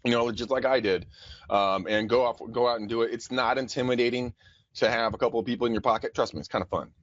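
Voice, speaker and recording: A man's voice: mid-range voice, quick pace, lo-fi sound. Pumped-up, swearing man co-host. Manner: energetic, profane, laughs often. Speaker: podcast co-host, real estate agent. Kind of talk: casual chat. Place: office.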